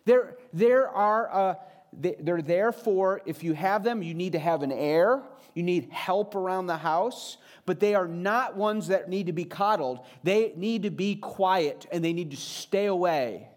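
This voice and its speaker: A man delivers a sermon in an earnest, teaching manner. His voice sits a touch higher than typical for a man, and he slows down and speeds up to stress his points. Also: a little mellow. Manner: earnest, varies pitch and pace for emphasis. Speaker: pastor.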